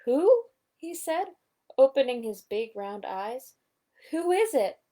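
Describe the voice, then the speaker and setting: A woman's voice: a little high, big pitch swings, takes it slowly, mellow. A woman voicing a long-winded, self-important old male owl who rambles, in a storybook read-aloud. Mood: startled.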